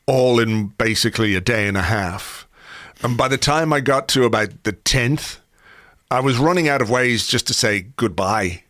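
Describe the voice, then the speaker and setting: A man's voice: medium pitch, normal speed, fairly bright tone, dry recording, clean studio sound. A man hosting a podcast in casual chat, rambling with fillers and restarts, a little hungover. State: slightly hungover. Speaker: podcast host.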